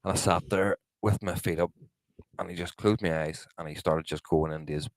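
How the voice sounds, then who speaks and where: A deep, low-pitched man tells a rambling story on a podcast. He swears freely and keeps the story rolling. His voice sounds dry and close to the mic. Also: brisk, dry recording. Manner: lively anecdote-telling with frequent swearing. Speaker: podcast co-host. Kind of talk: casual chat.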